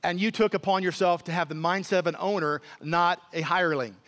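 Male pastor, high-pitched, emphatic preacher who repeats words and acts out voices, long hall reverb. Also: steady tone, brisk, a bit bright. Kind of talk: sermon.

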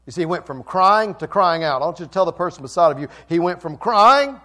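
A male pastor preaching a passionate sermon that swings between loud and soft. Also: on the high side, racing.

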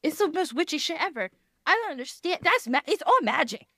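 Her pitch sits extremely high and her pace is brisk, with no echo on the recording. She's a podcast guest in casual conversation who rambles animatedly, laughs a lot, and performs the voices of people she quotes.

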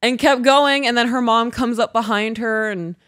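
A woman co-hosting a podcast, telling a story in casual chat, animated, swearing and laughing often. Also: a little high, normal speed, no echo, studio quality. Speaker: podcast co-host.

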